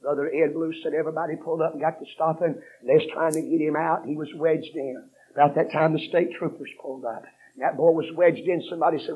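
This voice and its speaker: A man preaching a fiery revival sermon, telling a story that builds from low, quick talk to shouted repetition. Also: slight background noise. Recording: dull lo-fi sermon recording.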